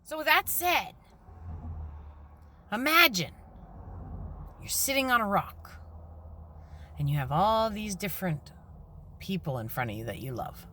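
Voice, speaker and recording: Animated earnest woman talking in her car. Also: lowish voice, measured pace, long pauses. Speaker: spiritual vlogger. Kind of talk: casual spiritual talk. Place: parked car by a busy highway. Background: traffic noise.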